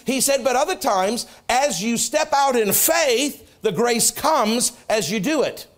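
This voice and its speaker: A middle-aged man, a pastor preaching a sermon in a church, telling a personal story and acting out the dialogue, going soft and low for quoted words. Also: unhurried. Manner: animated storytelling, acts out prayers and dialogue, drops soft for quotes. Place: church sanctuary.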